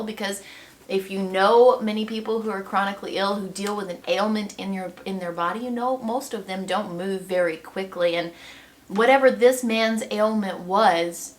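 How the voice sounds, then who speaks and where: A woman giving a devotional Bible teaching in an earnest, reflective manner. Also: mid-range voice.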